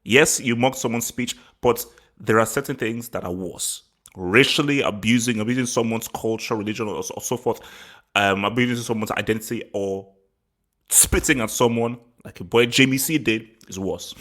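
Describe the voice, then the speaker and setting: A man's voice: mid-range voice, moderate pace, a bit bright. A man from England hosting a football channel, giving his opinion in a rambling, casual vlog with frequent laughs and repeated words.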